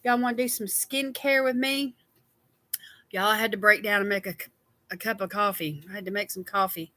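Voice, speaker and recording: A woman's voice: medium pitch, steady tone, fairly quick, pushed and bright, dry recording. A woman hosting a casual skincare livestream, chatty and tired, greeting viewers by name.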